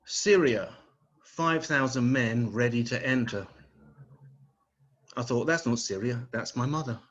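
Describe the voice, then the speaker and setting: Brief: Scottish male stand-up, crude deadpan one-liners, dull lo-fi video call sound. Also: medium pitch, a little slow, a little hiss or hum. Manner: crude, swearing punchlines. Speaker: stand-up comedian.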